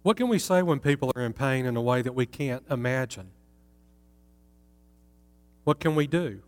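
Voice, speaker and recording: A man's voice: mid-range voice, lively intonation, normal speed, a little mellow. A man teaching from the Bible in a conversational way, putting rhetorical questions to his listeners. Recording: long reverb in a hall.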